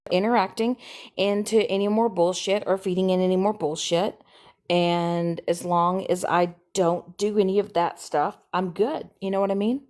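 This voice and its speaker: A woman chatting casually on a livestream, repeating herself and sliding from soft mutters into sudden high squeals. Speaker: TikTok live streamer. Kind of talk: casual rambling chat.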